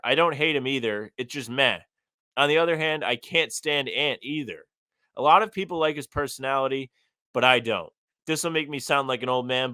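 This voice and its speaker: Bright-voiced man co-hosting a sports podcast. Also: medium pitch, dry recording, studio quality. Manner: reads listener comments aloud, opinionated and conversational. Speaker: podcast co-host. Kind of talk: casual sports podcast chat.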